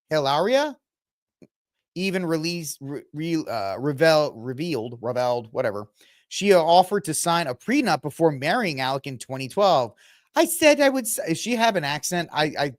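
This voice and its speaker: A male podcast host with a lively, swooping voice that sits a touch high for a man, talking in a sarcastic and mocking way and slipping into put-on voices. His close-miked sound is dry, with no room around it. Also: no room sound. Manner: sarcastic, animated, mocking voices when quoting. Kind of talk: casual commentary podcast.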